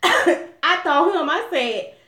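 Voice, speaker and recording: A woman from Alabama with a Southern US accent, telling a story to viewers in an animated, profane, casual style. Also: very high voice, slow. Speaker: vlogger. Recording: echoey room.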